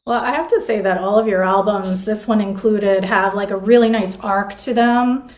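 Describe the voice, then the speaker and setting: A woman co-hosting an interview, asking clear, friendly questions. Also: mid-range voice, moderate pace. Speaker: co-host interviewer. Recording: echoey room.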